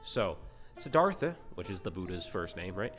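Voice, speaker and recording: Casual, profane male comic storyteller, lowish voice, over guitar music. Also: very animated, moderate pace, fairly bright tone. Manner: profane, slangy, rambling with lots of "right?". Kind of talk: comedic storytelling explainer.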